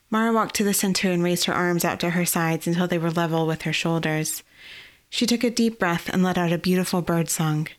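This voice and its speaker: A woman narrating a fantasy novel in a steady, even storytelling voice. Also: on the low side. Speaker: audiobook narrator.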